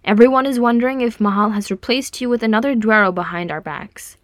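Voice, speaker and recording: A woman's voice: fairly high pitch, fairly quick, no room sound, studio quality, lightly acted. A woman reading a cheeky, smug young male dwarf with a playful manner. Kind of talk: audiobook fan fiction reading.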